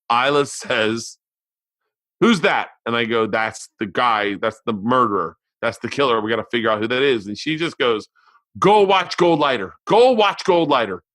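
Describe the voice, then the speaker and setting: A man in his forties hosting a podcast, telling a rambling, profane story in a loose, animated way. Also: fairly low pitch, dry recording. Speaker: podcast host. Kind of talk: casual storytelling monologue. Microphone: studio podcast mic.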